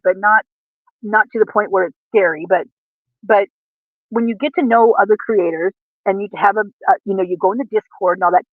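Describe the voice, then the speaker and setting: High-voiced man on a tinny call. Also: no echo. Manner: earnest, rambling, self-correcting. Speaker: guest on a livestream. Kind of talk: casual chat. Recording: tinny dry call audio.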